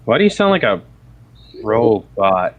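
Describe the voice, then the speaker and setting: A man's voice: lowish voice, sing-song, a little slow, a crowd in the background. A man joking around as a guest on a video call panel. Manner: joking, laughs a lot. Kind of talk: casual chat.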